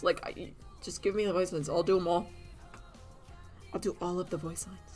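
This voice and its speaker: A woman's voice: fairly low pitch, fairly even intonation, normal speed, long pauses, a little mellow, soft background music. A woman from Canada chatting casually on a live stream while she draws, rambling and laughing at herself as she answers chat. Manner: rambling, giggly, self-mocking, talks to chat. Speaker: streamer and animator.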